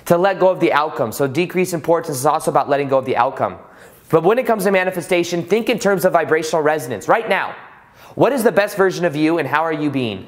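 A man with a slightly raised speaking pitch talks in an easygoing, conversational way. He tells his story with rhetorical questions and loose restarts, like a podcast host chatting with his listeners. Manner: relaxed, repeats himself and restarts often. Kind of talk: casual motivational talk.

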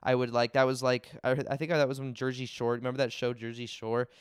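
A young man hosting a podcast, telling a personal spiritual story in an energetic, casual way with many fillers and restarts. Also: medium pitch, quick pace, clean tone, dry recording, clean studio sound. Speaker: podcast host. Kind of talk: personal spiritual talk to listeners.

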